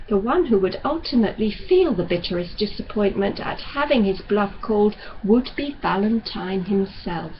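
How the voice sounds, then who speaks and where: Woman narrator, slightly high voice, very unhurried; dull audio, faint hiss. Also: lively intonation. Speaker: audiobook reader. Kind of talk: novel narration.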